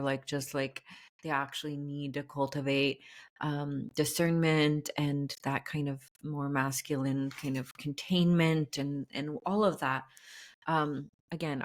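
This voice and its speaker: Low-voiced woman, earnest podcast guest. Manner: earnest, reflective, speaks of feelings openly. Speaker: podcast guest, spiritual teacher and coach. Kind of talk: casual interview conversation.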